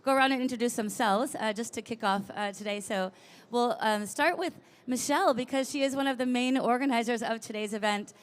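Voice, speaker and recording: A woman's voice: a little high, fairly quick. A woman moderating a conference panel, introducing speakers with many ums and uhs. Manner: friendly, lots of um and uh fillers.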